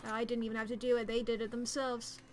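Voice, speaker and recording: High-voiced woman joking while streaming a game. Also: little pitch movement, fast, a little hiss or hum. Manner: joking, wry asides to the game. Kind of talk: casual game-stream commentary.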